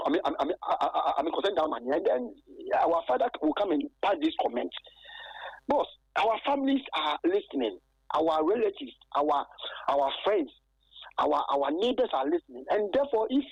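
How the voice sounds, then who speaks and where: A gravelly, husky man talks over a dull, muffled phone line. He stumbles and repeats himself as he airs a grievance, and his pitch leaps up and down. The sound is dry and close. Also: sing-song, dry recording. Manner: halting and aggrieved, stacks repeated words and fillers. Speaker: former footballer calling in. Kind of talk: phone-in interview.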